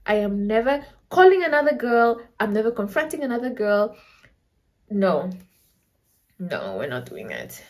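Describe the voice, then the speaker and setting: A woman's voice: medium pitch, very animated, measured pace, pauses often. A woman in her twenties from Namibia, casually telling a storytime vlog and acting out the other people's lines, with local slang mixed in. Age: 20s. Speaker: storyteller vlogger.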